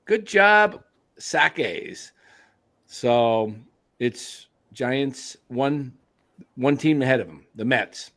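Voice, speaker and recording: A man with a middle-pitched, ordinary voice hosts a casual sports talk show. He sounds easygoing and keeps turning to his panel to ask their views. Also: expressive, extremely slow, a bit bright. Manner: easygoing, asks the panel questions.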